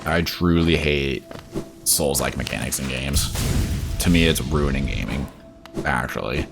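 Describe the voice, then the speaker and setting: Deep gravelly man, exasperated gameplay commentary. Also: unhurried, music in the background. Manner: exasperated, swears and says "dude" a lot. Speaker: gaming YouTuber.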